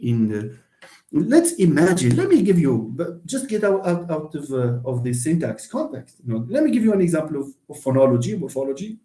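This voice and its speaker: Guy teaching a linguistics class, voice jumps all over, mellow and dark tone, lots of uhs and restarts. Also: a little high. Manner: animated, acts out examples, many fillers and restarts. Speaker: linguistics lecturer. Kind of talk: university lecture.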